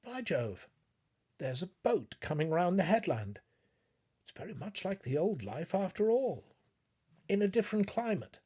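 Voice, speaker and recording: Male reader playing a bewildered young scientist, high, husky, panicky, audiobook. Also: big pitch swings, a little slow, long pauses, dark tone, full character voice. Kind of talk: audiobook reading.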